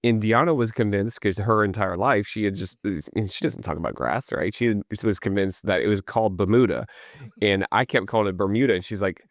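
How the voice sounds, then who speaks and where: Low-voiced man telling animated stories. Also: a little fast, hardly any pauses, no room sound, studio quality. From East Tennessee. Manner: animated storyteller, lots of "like". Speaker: podcast co-host. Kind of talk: casual podcast chat.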